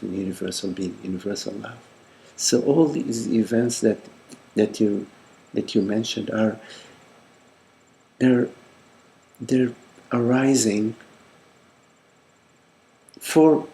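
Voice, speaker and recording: An older man with a low, gravelly voice answers questions in a meditative talk. His phrasing halts and circles back on itself, often checking in with "you see." He speaks gently, as a spiritual teacher.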